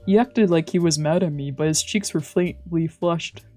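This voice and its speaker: A VTuber narrating a visual novel aloud in an animated, reactive way. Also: medium pitch, moderate pace, faint music behind. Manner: animated, reacting with loud outbursts then narrating. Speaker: streamer, VTuber.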